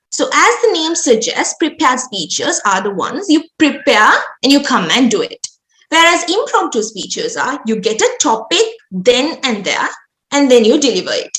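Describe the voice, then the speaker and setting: A young woman on a video call explaining presentation slides to new members in a steady, explanatory way. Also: high-pitched, echoey room, rough recording. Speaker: club presenter at orientation.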